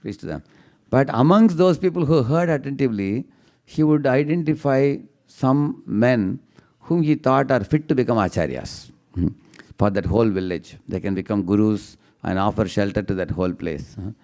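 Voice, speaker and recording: A man giving a devotional storytelling lecture, chanting verses slowly and often asking the audience "huh?". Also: medium pitch, lively intonation, darkish tone. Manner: chants verses in a slow singsong; tags lines with questioning "huh?" to the audience. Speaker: speaker giving a devotional class.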